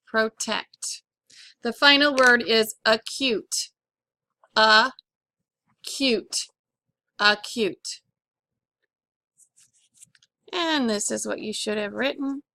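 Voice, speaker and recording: A woman teaching a phonics lesson, spelling out letters one by one in a slow, deliberate way and clearing her throat now and then. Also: a little high, pushed and bright, no echo. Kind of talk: classroom lesson on syllable accent.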